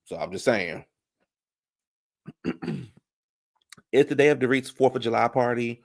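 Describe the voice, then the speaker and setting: Sassy male recap commentator, mid-pitched, animated, laughs a lot. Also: a little slow, vocal fry. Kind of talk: casual reaction commentary.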